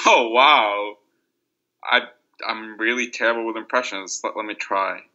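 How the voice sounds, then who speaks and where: A man co-hosting a casual podcast, telling anecdotes in an animated, laughing way. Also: lowish voice, a little slow, muffled recording. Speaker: podcast co-host. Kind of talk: casual storytelling chat.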